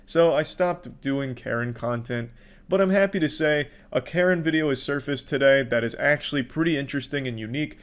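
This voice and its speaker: A young man giving sardonic reaction commentary in a deadpan way, swearing a lot. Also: mid-range voice, a little fast, clear, resonant tone. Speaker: commentary YouTuber.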